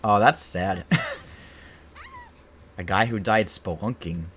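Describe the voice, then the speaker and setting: Deep-voiced Midwestern man streaming casually. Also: wildly swooping pitch, drawn-out words, fairly bright tone, slight background noise. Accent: Midwestern American, Ohio-leaning. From Illinois, USA. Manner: rambling, filler-heavy, easygoing. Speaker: game streamer. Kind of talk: casual chat while streaming.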